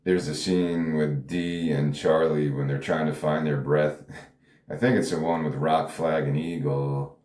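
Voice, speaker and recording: A man's voice: very deep voice, little pitch movement, unhurried, darkish tone, roomy sound. A man hosting his own podcast, talking off the cuff in a rambling, self-deprecating way and laughing often. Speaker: podcast host. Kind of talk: casual solo monologue.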